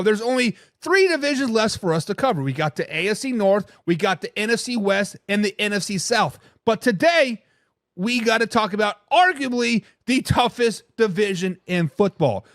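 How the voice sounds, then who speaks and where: High-voiced man ranting on sports talk. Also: moderate pace, no room sound, clean studio sound. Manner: animated, ranting, reads fan comments aloud. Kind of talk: casual live sports chat.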